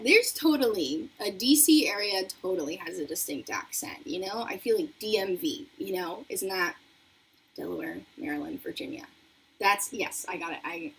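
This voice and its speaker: A chatty young woman hosts a beauty livestream, reading comments aloud while doing her makeup. Her voice is slightly husky and jumps around a lot in pitch, and she sounds bubbly and easily distracted. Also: fairly bright tone. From not from New York.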